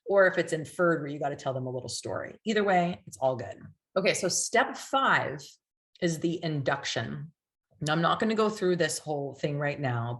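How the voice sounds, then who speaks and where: A woman teaching hypnosis in a chatty, casual way, with many "like"s and "right?"s, sometimes acting out a client or a soothing hypnotist line. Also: deep voice. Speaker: hypnosis coach.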